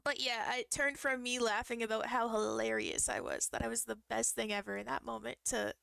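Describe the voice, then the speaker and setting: A woman's voice: on the high side, steady tone, fairly quick, vocal fry, a bit bright, clean tone, dry recording. A woman streamer chatting casually as she tells a personal story, with frequent ums and bursts of laughter.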